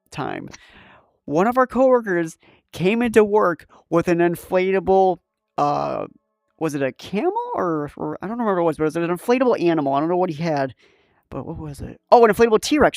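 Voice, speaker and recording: A man's voice: high voice, gravelly, a little mellow, no room sound, studio quality. A young man hosting a podcast, telling stories in casual chat, laughing often and swearing. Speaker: podcast host.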